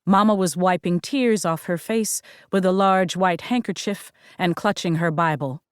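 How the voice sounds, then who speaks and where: A woman reading a novel aloud as a first-person audiobook narrator, in a measured storytelling manner. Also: lowish voice, smooth, no echo, clean studio sound.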